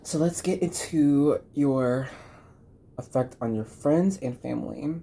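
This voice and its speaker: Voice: mid-range voice, slow, gravelly, dark tone. Tarot reader from Dallas, Texas: chatty, encouraging reading, loose and rambling.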